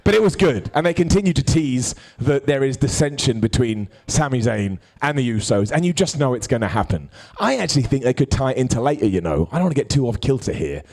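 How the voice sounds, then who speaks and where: A man's voice: mid-range voice, fast, few pauses. A man hosting a live wrestling review show, joking and bantering with people in the crowd. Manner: jokey, animated, bantering with hecklers.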